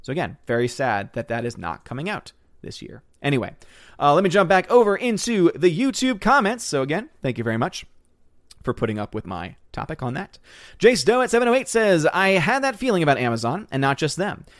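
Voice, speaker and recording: A man's voice: a little high, big pitch swings, fairly quick, no echo, clean studio sound. Chatty man reading out stream chat. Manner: chatty, rambling, laughs often, thanks viewers warmly. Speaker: livestream host reading chat. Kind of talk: casual livestream chat.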